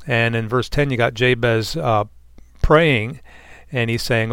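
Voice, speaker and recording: A man's voice: medium pitch, a little slow, few pauses, fairly bright tone, clear, resonant tone, no echo. A man on a Bible discussion panel speaking earnestly and reflectively, often repeating words as he gathers his thoughts.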